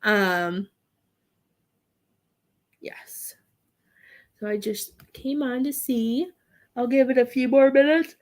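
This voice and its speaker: A woman's voice: fairly high pitch, slow, pauses often, a little mellow. Chatty woman livestreaming as a medium. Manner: chatty, rambling, frequent laughs and yawns. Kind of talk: casual livestream chat with viewers.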